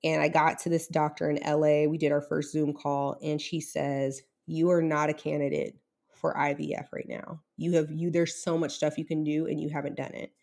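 A woman's voice: sits low, flat delivery, normal speed, creaky, a little mellow. A woman in her thirties, an interview guest telling a candid, emotional personal story with many fillers.

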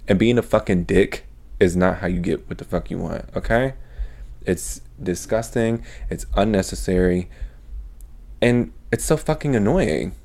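A young man hosting a podcast, telling a story as a casual, animated rant full of profanity. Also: low voice, measured pace, creaky. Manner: profane, animated, swears constantly. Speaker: podcast host.

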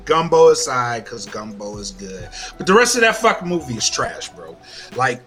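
A man hosting a casual podcast, ranting loudly with heavy swearing. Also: mid-range voice, big pitch swings, normal speed, over music. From Louisiana. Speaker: podcast host. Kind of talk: casual chat.

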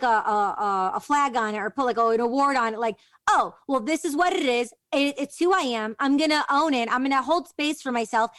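A woman's voice: sits high, fairly bright tone, no echo. A woman hosting an interview, telling a long, rambling personal story in a loose, chatty way with many fillers. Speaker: podcast host. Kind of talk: casual interview chat.

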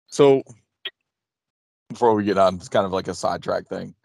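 Low gravelly male podcast co-host, rambling and crude. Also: moderate pace, darkish tone, dry recording, clean studio sound. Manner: rambling storyteller, crude jokes. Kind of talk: casual podcast chat.

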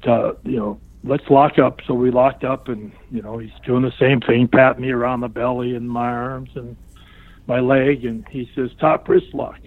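An older man recounts a wrestling story at an easy middle pitch, popping up into higher voices whenever he quotes someone. The sound is thin and narrow, like a phone line. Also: moderate pace. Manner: animated storyteller who acts out other people's lines in raised voices. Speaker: guest, retired pro wrestler. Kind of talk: anecdotal storytelling interview.

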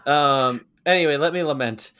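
A man's voice: fairly high pitch, moderate pace, sharp tone, clear, resonant tone. Hesitant man cohosting a chat. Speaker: podcast cohost. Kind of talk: casual chat.

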